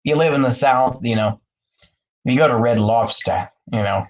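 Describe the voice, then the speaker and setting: A man's voice: medium pitch, normal speed, lo-fi sound. A man rambling in a casual chat with his viewers, full of fillers and frequent laughs, talking from his bathtub. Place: bathroom, in the bathtub.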